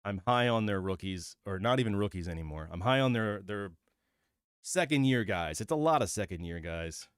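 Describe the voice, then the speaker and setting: A man hosting his own channel, giving opinionated casual commentary and thinking out loud with fillers and restarts. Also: lowish voice, animated, moderate pace, clear, resonant tone, no echo, clean studio sound. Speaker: host of a football channel.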